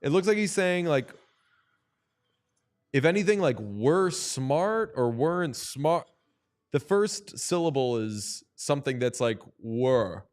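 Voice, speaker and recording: A man's voice: on the high side, sing-song, takes it slowly. Blunt, skeptical male co-host, casual sports chat with swearing. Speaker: podcast co-host. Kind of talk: casual hockey watchalong chat.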